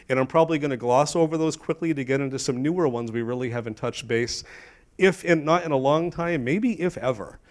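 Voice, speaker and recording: Middle-aged man, pastor, emphatic sermon delivery, lively pitch swings, church setting. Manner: emphatic, asks the congregation questions, shifts between loud and hushed. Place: church sanctuary.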